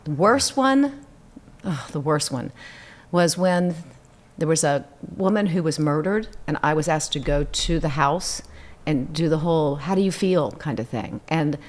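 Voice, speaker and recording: Middle-aged Cajun woman, interview guest, lowish voice, animated storyteller. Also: measured pace. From Louisiana. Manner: animated storyteller, acts out quotes with big pitch jumps. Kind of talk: casual interview chat.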